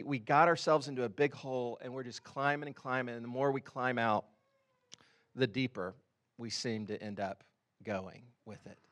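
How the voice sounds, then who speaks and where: A man in his thirties preaching a sermon in a conversational way, telling stories with many fillers and sudden animated bursts. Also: a little high. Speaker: pastor.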